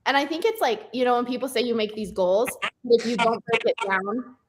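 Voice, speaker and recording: A woman's voice: a little high, a little fast. A woman guest in a casual chat, speaking in a chatty, upbeat, encouraging way.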